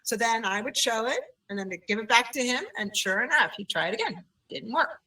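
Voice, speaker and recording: A woman who owns a childcare center, telling her story in an animated conversational way in an interview. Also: on the high side, brisk, distant mic, rough recording. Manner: animated, acts out quoted voices.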